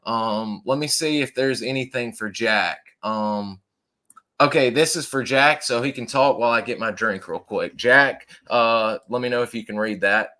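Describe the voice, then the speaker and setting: A man's voice: mid-range voice, normal speed, pushed and bright. A man hosting a podcast, chatting with lots of fillers. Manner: chatty, uses fillers and southern "y'all". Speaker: podcast host. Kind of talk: casual chat.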